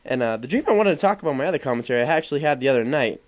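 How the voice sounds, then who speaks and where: A young man talking loosely over gameplay footage in casual voice-over commentary. He rambles along with plenty of filler words and swears freely. His voice sits at an everyday pitch for a man. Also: lively intonation, rapid-fire. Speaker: gaming commentator.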